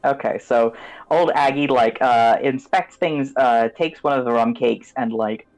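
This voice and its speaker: A man's voice: medium pitch, unhurried, a little mellow, faint music behind, low-quality recording. A man as game master, giving vivid descriptive narration of a tabletop game and turning loose with fillers when he improvises.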